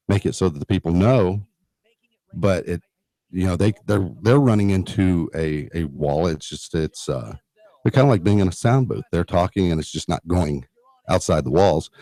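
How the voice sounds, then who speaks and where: Deep, dark-voiced earnest man. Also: dry recording. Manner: earnest, explanatory, with frequent fillers and restarts. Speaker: radio guest from a neighborhood emergency preparedness group. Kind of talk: radio talk interview.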